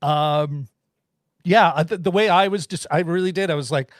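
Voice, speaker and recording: A man's voice: a little high, moderate pace, no room sound, studio quality. A man co-hosting a film podcast, chatting casually and rambling with frequent laughs and restarts. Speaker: podcast co-host reviewing a film. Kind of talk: casual chat.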